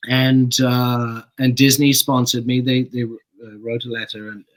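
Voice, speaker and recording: A middle-aged man from Canada, a guest actor telling stories in a relaxed, chatty way, laughing and swearing casually. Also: medium pitch, measured pace, rough recording. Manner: relaxed anecdotal storytelling, laughs and swears freely. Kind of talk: casual interview chat.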